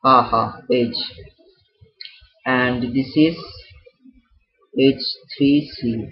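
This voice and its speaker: A man's voice: medium pitch, steady tone, extremely slow, breathy edge. A man teaching a chemistry tutorial while he writes. He talks casually, stumbles over and restarts words, jokes at his own expense and calls viewers "fellas.". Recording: dull lo-fi sound.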